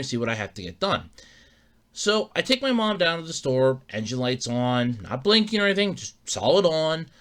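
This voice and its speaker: A man's voice: mid-range voice, a bit bright. A man hosting his own podcast, telling a rambling, exasperated story in casual talk and swearing freely. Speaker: podcast host. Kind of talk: casual solo monologue.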